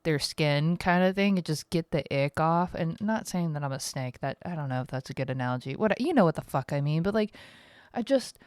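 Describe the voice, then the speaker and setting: A woman's voice: deep voice, lively intonation, brisk, darkish tone, no room sound, studio quality. Tired, candid woman podcasting at home. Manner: candid, rambling, swears freely. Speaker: podcast host. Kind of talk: casual solo podcast monologue.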